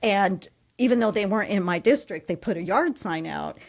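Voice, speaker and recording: An American woman in her sixties answers interview questions in a relaxed, storytelling way. She laughs often and acts out what others said. Her voice sits at a mid pitch. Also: normal speed, vocal fry. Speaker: guest. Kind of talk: conversational interview.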